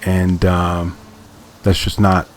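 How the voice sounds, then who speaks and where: A man's voice: sits low, completely flat delivery, slow pace, a little hiss or hum. A man hosting a podcast, casually breaking down a comic in a thoughtful way, with lots of fillers and restarted phrases. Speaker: podcast host. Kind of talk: casual comic-book analysis.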